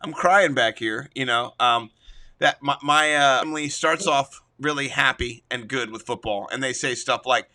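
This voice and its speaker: A man's voice: medium pitch, normal speed, sharp tone. A man co-hosting a casual fantasy football podcast, telling stories in an enthusiastic, jokey way. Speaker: podcast co-host. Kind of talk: casual sports chat.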